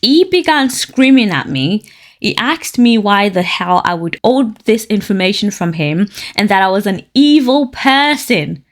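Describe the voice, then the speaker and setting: A woman from Nigeria hosting a podcast, reading out online stories and reacting with outspoken, animated commentary and frequent laughter. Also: mid-range voice, measured pace. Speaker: podcast host.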